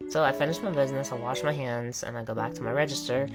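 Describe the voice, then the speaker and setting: A woman telling retail work stories in a blunt, sassy, deadpan way, with music underneath. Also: extremely low pitch, fast talker. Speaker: storytime vlogger. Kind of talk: storytime narration. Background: background music.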